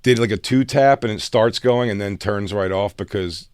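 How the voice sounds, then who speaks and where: A man's voice: fairly low pitch, normal speed, clean tone, no room sound. A man telling a funny story in casual podcast chat, acting out the other people's voices. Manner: animated, acts out voices in his stories. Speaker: podcast co-host.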